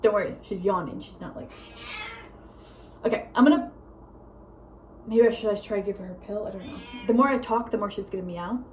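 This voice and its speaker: A young woman vlogging casually at home, a self-described fast talker who rambles with many fillers. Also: medium pitch, darkish tone, slight background noise, rough recording. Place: home with a meowing cat.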